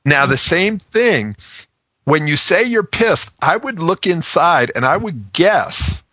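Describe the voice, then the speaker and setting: A man explaining how to talk through feelings in a casual talk show, acting out the lines people might say. His voice is bright and forceful. The recording is dry and slightly muffled. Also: fairly high pitch, slow, no room sound. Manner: animated, acts out example phrasings. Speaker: relationship communication expert guest.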